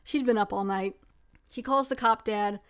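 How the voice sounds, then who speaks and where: A young woman talks through a movie plot in a loose, conversational way. Her voice sits at an ordinary middle pitch. She fills her sentences with "like" and drops dry little asides. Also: moderate pace, a bit bright, smooth. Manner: chatty, frequent "like" fillers, wry asides. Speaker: movie reviewer. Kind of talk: casual spoiler-heavy film recap.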